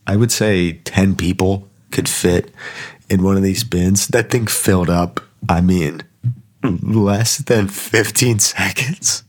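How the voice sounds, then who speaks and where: Deep-voiced man telling a story. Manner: swears freely, lots of fillers, animated when quoting others. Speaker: storyteller recounting a workplace mishap. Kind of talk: casual spoken anecdote.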